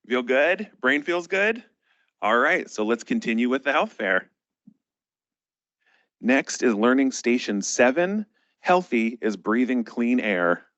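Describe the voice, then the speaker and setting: Bright upbeat man leading a stretch break. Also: mid-range voice, no echo, dull audio. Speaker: host.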